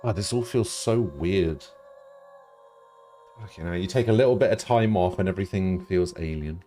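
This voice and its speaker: A British man streaming live, chatting casually with dry, deadpan humor and some swearing as he answers chat. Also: deep voice, normal speed, soft background music.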